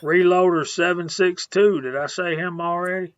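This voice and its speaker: A man's voice: high-pitched, steady tone, moderate pace, no room sound, lo-fi sound. A man hosting a casual live stream, laid-back, reading out viewers' names one after another.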